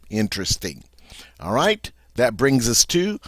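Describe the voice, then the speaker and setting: A man teaching a vocabulary lesson, saying each word three times slowly and explaining it in plain terms. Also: on the low side, big pitch swings, no room sound. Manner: repeats each French word three times, slow and deliberate. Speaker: French teacher. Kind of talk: vocabulary lesson with repeat-after-me drills.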